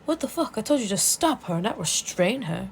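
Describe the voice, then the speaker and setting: Girl putting on a stuck-up classy rich boy, all indignant, kinda gravelly. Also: on the high side, very animated, moderate pace, a little hiss or hum. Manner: pompous, indignant. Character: pompous, proper young rich man.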